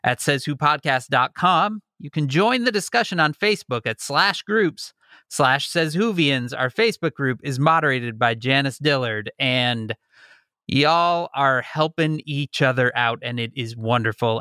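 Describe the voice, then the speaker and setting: Broadcasting from his home basement, a Chicago podcast co-host chats casually and rattles off plugs at speed with a dry, wry humor. His medium-pitched voice is expressive, bright, and forceful, with no echo.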